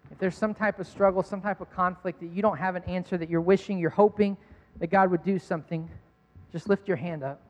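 A man's voice: sits high, fairly even intonation, fairly quick. A man preaching a sermon as pastor, telling a personal story earnestly and with many restarts. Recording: dull sound in a hall with long reverb.

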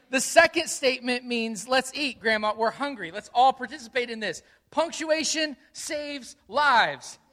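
A middle-aged man preaching a sermon as pastor, conversational and energetic, with many rhetorical questions. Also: very high voice.

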